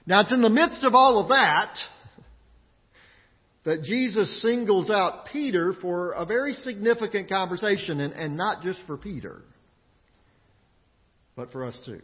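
A man's voice: high-pitched, lively intonation, measured pace, long pauses, long reverb tail, muffled recording. A male pastor preaching a sermon in a conversational way, often repeating words as he goes. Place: church sanctuary.

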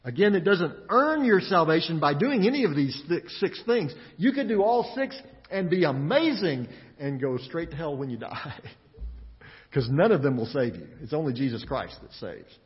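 A man preaching a sermon as pastor, animated, laughing now and then. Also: fairly high pitch, normal speed. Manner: animated preaching with laughs and acted-out inner voices. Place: church sanctuary. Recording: echoey church hall, dull lo-fi.

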